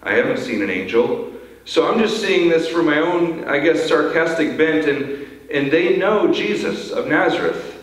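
Guy preaching a sermon, kinda high voice, big echoey church, mic far away. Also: expressive, moderate pace. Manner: earnest, repeats words when starting sentences. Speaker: pastor. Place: church sanctuary.

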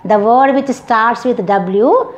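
A woman from India with an Indian English accent, teaching English phonetics and repeating each example word slowly several times. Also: fairly high pitch, muffled recording. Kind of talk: phonetics lesson with slow repeated example words.

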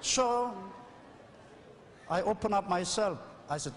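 A man's voice: high-pitched, expressive, a little slow. A man in his sixties, a pastor preaching an earnest, confessional sermon in a church sanctuary. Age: 60s. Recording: old VHS recording with long reverb.

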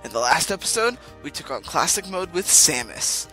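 A man's voice: a little high, big pitch swings, moderate pace, bright, forceful tone. A young man hosting a casual let's play, talking loosely with many ums and uhs. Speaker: gaming channel host. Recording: game music playing behind.

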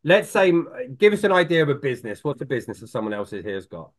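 A middle-aged man talking as a sales expert guest on a podcast, lively and blunt, acting out phone calls and swearing freely. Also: medium pitch, fast talker. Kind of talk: animated podcast talk.

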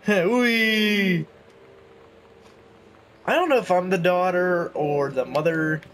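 A man's voice: high voice, very animated, normal speed, a little hiss or hum. A young man chatting casually and self-mockingly while playing a game. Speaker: gaming YouTuber. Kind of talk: casual let's-play commentary.

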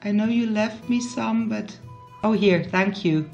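A woman's voice: medium pitch, measured pace, creaky, a little mellow, dull audio. A woman from Switzerland giving casual let's play commentary, chatting to her game characters with emotional outbursts. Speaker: gaming YouTuber. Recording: faint background music.

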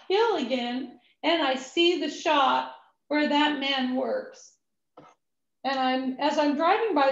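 A woman's voice: sits high, vocal fry. Woman storyteller at a ministry class, acts out every voice, dull lo-fi recording with room echo. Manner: animated storyteller acting out dialogue. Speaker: ministry executive director. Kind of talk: storytelling testimony talk. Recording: echoey room, dull lo-fi sound.

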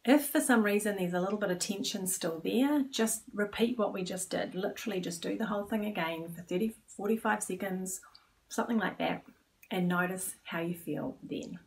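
A woman stress coach who leads a guided exercise in a calm, inviting tone. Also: mid-range voice, moderate pace, vocal fry, distant mic.

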